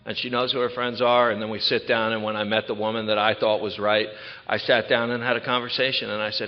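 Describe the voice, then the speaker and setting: A man's voice: on the low side, flat delivery, fast. A man in his thirties from Maryland telling his recovery story candidly to a large gathering. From Ocean City, Maryland. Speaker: recovery speaker. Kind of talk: personal testimony talk. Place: large event hall. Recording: echoey hall, dull lo-fi sound.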